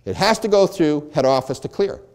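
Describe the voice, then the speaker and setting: A man's voice: on the high side, animated, fairly quick, darkish tone. A middle-aged man presenting at a lunch seminar, asking questions aloud and answering them himself as if playing both sides. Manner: asks and answers his own questions, voicing both sides. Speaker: real estate brokerage presenter.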